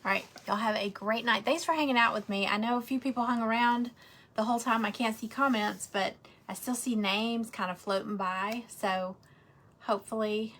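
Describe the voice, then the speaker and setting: A woman's voice: a little high, fairly even intonation, moderate pace, fairly bright tone. Woman, casual rambling host of a home craft livestream. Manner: chatty, rambling, talks straight to viewers.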